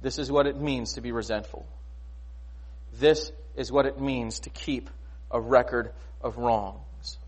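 A man preaching a sermon in a conversational, animated way, often asking rhetorical questions. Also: mid-range voice, unhurried, breathy edge. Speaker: pastor.

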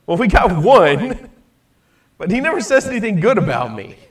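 A man's voice: sits high, big pitch swings, moderate pace, recorded from a distance, voice pushed up. A man voicing a sulky, petulant king with a whiny manner, retelling a story to a class.

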